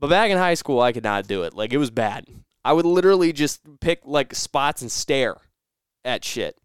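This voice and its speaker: A man's voice: medium pitch, expressive, moderate pace, clear, resonant tone, dry recording, studio quality. A young man hosting a casual solo podcast, rambling and correcting himself as he tells stories. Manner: rambling, self-correcting storyteller. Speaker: podcast host.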